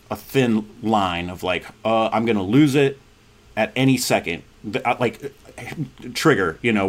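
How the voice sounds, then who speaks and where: A man on a podcast telling a personal story in a casual, rambling way, often laughing and then going quiet and reflective. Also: fairly low pitch.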